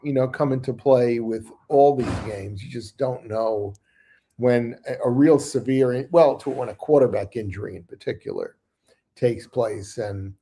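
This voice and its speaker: Brief Older male analyst co-host, gravelly tone, measured and hesitant. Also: mid-range voice, warm tone. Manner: measured, hesitant, restarts phrases. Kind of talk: casual sports talk.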